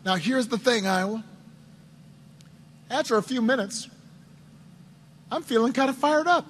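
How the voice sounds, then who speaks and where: A man with a markedly high-pitched voice tells a long anecdote to a room of supporters. He often repeats his words as he goes, and he keeps his speech light with dry, humorous asides. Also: expressive, unhurried, slight background noise. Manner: storytelling with many self-repetitions and wry asides. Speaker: politician addressing supporters. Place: indoors at a campaign office.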